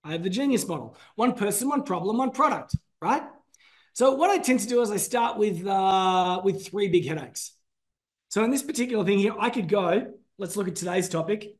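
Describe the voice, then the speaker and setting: A man presenting a business masterclass, energetic and emphatic, calling out to his audience. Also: high-pitched, moderate pace. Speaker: business trainer.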